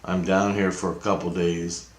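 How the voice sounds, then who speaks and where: A man with a low voice tells a meandering story of his own, stopping and restarting as he goes. He jumps up in pitch to act out the voices of the people in it. The sound carries a noticeable room echo. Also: little pitch movement, normal speed. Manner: acts out quoted dialogue with a raised voice; loose, meandering, with frequent restarts. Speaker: vlogger recounting dreams. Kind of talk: rambling personal storytelling. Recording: roomy, echoey room.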